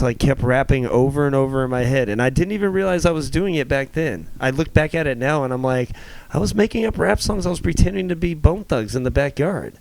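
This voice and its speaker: A young rapper co-hosting a podcast talks casually and at length in a mid-range, creaky, darkish voice with no echo. His chat rambles, is loaded with "like" fillers, and is sprinkled with swearing.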